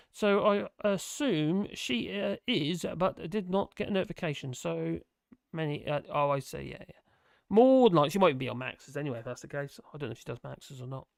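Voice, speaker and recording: Stream host, man, hoarse, self-mocking, hums between thoughts; dry home sound. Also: fairly high pitch, dry recording. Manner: rambling, chatty, self-mocking, hums to himself. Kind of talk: casual live stream chat, reading out comments. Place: at home in France. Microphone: desk microphone.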